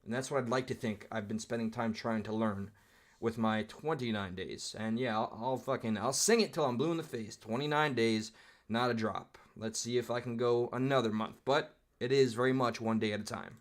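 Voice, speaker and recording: A man in a middle-pitched voice comments on a clip as it plays live. He rambles and reflects, drops in casual profanity, and keeps his tone conversational. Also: normal speed. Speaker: streamer reacting to a clip.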